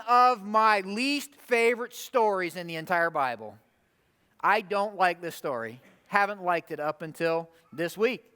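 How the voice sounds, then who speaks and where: A man preaching a conversational sermon, animated, often asking the room rhetorical questions. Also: high voice, measured pace, smooth. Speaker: pastor. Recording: long hall reverb.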